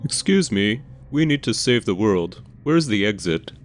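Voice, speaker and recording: A man's voice: lowish voice, sing-song, a little slow, soft background music. A man playing a tabletop game, asking earnest questions. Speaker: player.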